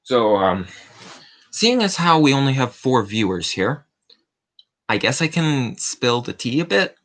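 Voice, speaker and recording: A man's voice: medium pitch, sing-song, measured pace, fairly bright tone. A man hosting a casual Q&A livestream, rambling and cracking self-mocking jokes. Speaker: livestream host. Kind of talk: casual Q&A stream chat.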